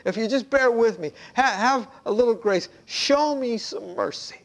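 A man's voice: very high voice, normal speed, vocal fry, fairly bright tone, voice pushed up, exaggerated voice. A man voicing a timid male debtor in a parable, stammering in a near whisper. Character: timid poor male debtor pleading quietly.

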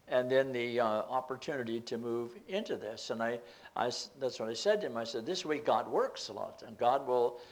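An older man leads a relaxed Bible study, wandering through word definitions one step at a time. His voice sits at an ordinary middle pitch, and his teaching is plain and patient. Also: low-quality recording. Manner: meandering, explanatory, defines words step by step. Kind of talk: informal teaching talk.

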